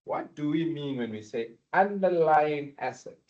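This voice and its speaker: A man's voice: on the high side, lively intonation, unhurried, darkish tone. A man giving a university lecture, often asking students if they follow. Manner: questioning, checks understanding often. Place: lecture room. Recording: roomy, dull lecture-hall recording.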